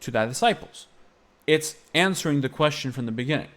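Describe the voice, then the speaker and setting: A man's voice: fairly high pitch, expressive, fairly quick, a bit bright. A man teaching Byzantine-style chant phrasing, explaining patiently and singing short phrases to demonstrate. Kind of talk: music lesson with sung demonstrations.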